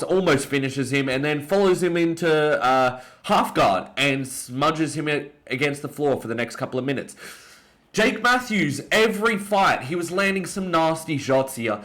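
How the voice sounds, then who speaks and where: Young Australian male, casual fight-breakdown commentator, excitable and blunt, medium pitch. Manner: opinionated, excitable, jumps up in pitch on emphasis. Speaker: MMA commentator.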